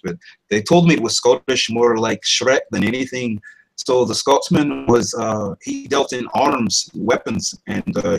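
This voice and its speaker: A man's voice: lowish voice, gravelly, poor audio. A man who works as a voice-over artist and actor, talking casually in an interview about his characters. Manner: animated, slips into character voices.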